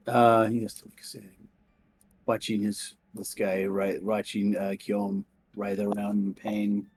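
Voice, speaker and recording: A man's voice: on the low side, monotone, slow pace, darkish tone, slightly rough, no echo. A young man running a tabletop horror game as game master, hesitant and full of restarts. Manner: hesitant, many ums and restarts.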